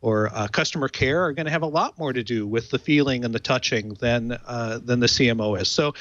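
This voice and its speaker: A man's voice: mid-range voice, fairly quick, fairly bright tone, dry recording, muffled recording. A man speaking as a panel guest, blunt and skeptical, calling himself the obstinate one. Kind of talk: casual panel discussion.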